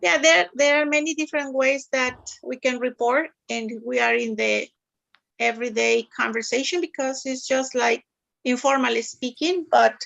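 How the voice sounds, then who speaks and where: High, gravelly woman thinking aloud. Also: steady tone, normal speed, fairly bright tone, lo-fi sound. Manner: thinks aloud, hesitant restarts, argues her point. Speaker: student. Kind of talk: questioning in a lesson.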